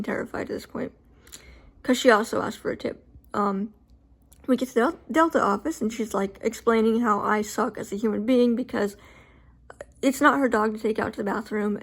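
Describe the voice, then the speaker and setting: Animated woman with a high-set voice. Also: creaky, breathy edge. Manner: animated, filler-heavy, acts out her own reactions. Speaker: vlogger telling a personal story. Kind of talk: casual storytelling to camera.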